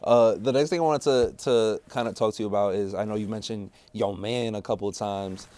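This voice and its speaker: Laid back guy hosting a podcast, rambly questions with lots of "like", lowish voice. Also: brisk. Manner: relaxed, rambling, heavy use of "like". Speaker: podcast host. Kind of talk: casual chat.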